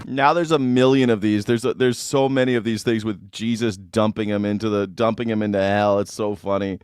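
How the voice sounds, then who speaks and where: A man's voice: lowish voice, steady tone, fairly quick, a little mellow, smooth, soft background music. A man riffing casually as a streamer, rambling, joking and swearing while reacting to clips. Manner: rambling, joking, swearing, breaks into put-on voices.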